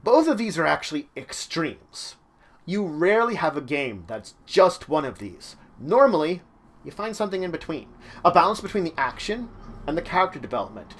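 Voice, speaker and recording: A man's voice: on the high side, sing-song, normal speed, a bit bright. A man hosting his own channel, explaining game-mastering tips in a loose, conversational way with frequent fillers. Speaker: channel host giving game-mastering advice. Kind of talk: casual instructional talk.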